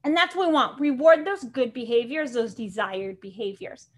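A woman's voice: fairly high pitch, moderate pace. A young adult woman dog trainer teaching an online class, chatty and upbeat, explaining step by step.

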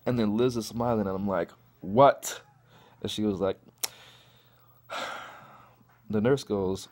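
Low-voiced and unhurried, with frequent pauses, a young Chicago man rants profanely on his vlog. His crude personal tale comes alive as he acts out the quotes with plenty of animation.

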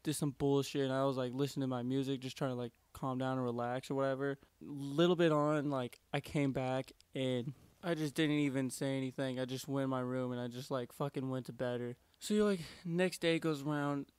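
A young man tells a story straight to camera in a slangy, profane way, leaning on "like" and "dude" as he goes. His voice is smooth and clear at a middling pitch. It is recorded close and dry, with no room sound around it. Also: steady tone, a little fast, hardly any pauses, darkish tone, dry recording. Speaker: vlogger. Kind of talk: casual storytime.

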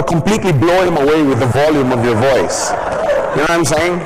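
A man's voice: a little high, animated, a little fast, poor audio. Joking casual male business trainer. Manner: casual, joking, laughs often, many "you know". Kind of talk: training seminar talk.

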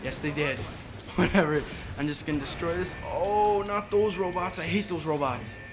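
A gaming channel host with a fairly high voice offers casual commentary on a video game at normal speed, with music playing behind him. He rambles and drifts off onto side tangents.

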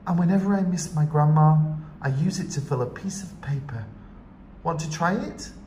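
A man voicing a shy young girl newly moved to a new country, in a raised, soft voice, read from a picture book in an echoey room. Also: on the high side, moderate pace, slight background noise, voice pushed up, close to an everyday voice. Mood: earnest.

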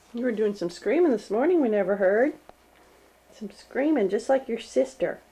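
A woman's voice: on the high side, animated, a little slow, warm tone, husky, rough recording. A mother filming her baby at home, talking to him in a cooing, teasing, sing-song baby voice. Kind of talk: baby talk to an infant. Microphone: handheld home video camera.

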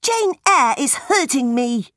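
A woman's voice: on the high side, sing-song, normal speed, slightly rough, no echo, studio quality. A woman voicing a whiny, bullying little boy. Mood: whining. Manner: shouting, whining and crying out.

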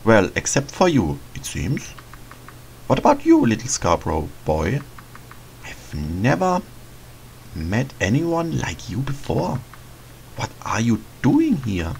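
A man voicing a lonely, motherly female witch in a game, speaking softly and hesitantly. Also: medium pitch, huge pitch swings, takes it slowly, gravelly, pauses often, a little hiss or hum, exaggerated voice, low-quality recording. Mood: kindly. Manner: soft, motherly, hesitant, sighing. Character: lonely, gentle female forest witch, middle-aged. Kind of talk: reading game dialogue aloud in a let's play.

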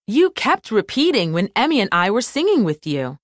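A woman voicing a cheerful young girl who doctors toys, speaking gently and confidently. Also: medium pitch, very animated, moderate pace, no echo, studio quality, lightly acted.

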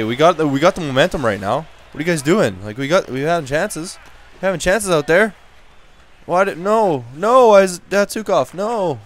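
A young gaming commentator gives casual, excitable commentary while playing a hockey video game, swinging between low muttering and loud yelling. There is slight background noise.

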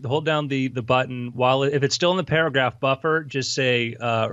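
A man's voice: mid-range voice, brisk, a bit bright, smooth, no echo, dull audio. A man who built a dictation app, patiently walking a host through it step by step in casual chat. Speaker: app developer guest. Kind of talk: explaining software in casual chat.

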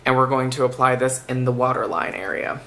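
A man giving a makeup tutorial in a soft-spoken, chatty and playful way. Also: medium pitch, monotone, a little fast. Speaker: makeup vlogger.

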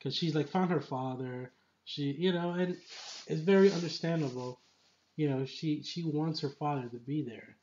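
A man's voice: on the high side, normal speed, a little mellow, dull audio, a little hiss or hum. A man giving a casual, enthusiastic film review, rambling with lots of filler phrases. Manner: enthusiastic, rambling, full of "you know".

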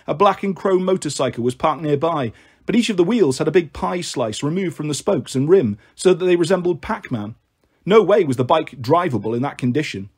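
Male audiobook narrator, steady storytelling delivery, slightly husky, higher pitch.

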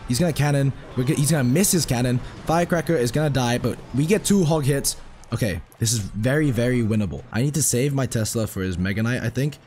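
A hoarse young man giving excitable, self-mocking live commentary while playing a mobile game, swearing often. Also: mid-range voice, fast talker, a little hiss or hum. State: hoarse, recovering from a lost voice.

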